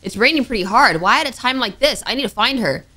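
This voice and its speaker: Jumpy, lively woman gaming streamer. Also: on the high side, fast. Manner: jumpy, talks to herself, scared exclamations. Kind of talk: let's play commentary.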